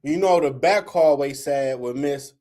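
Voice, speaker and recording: A man in his forties tells a story in a casual, profane way. His voice sits a little high for a man. When he quotes others and himself he pushes it up and gets louder. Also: unhurried. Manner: animated, profane, acts out quotes in raised voice. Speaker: host.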